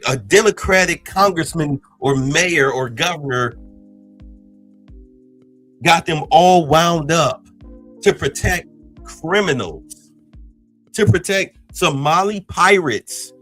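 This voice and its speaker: A man's voice: a little high, pushed and bright, rough recording. Agitated ranting male podcast host. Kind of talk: heated political commentary.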